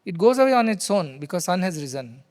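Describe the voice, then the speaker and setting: A man's voice: high-pitched, quick pace. A male spiritual teacher, telling a story in a discourse to devotees in a hall. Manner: animated storyteller who repeats key phrases. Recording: reverberant hall sound.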